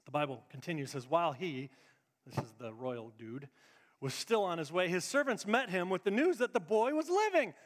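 A middle-aged man preaching a sermon as pastor, swinging between loud emphatic lines and hushed, confiding asides. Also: high-pitched, expressive, normal speed. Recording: long reverb of a large hall.

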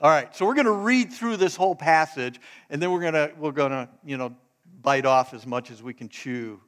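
A man's voice: a little high, brisk, fairly bright tone. A man preaching a casual, joking sermon who talks straight to the congregation and gets them to take part. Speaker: pastor. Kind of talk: sermon with audience participation.

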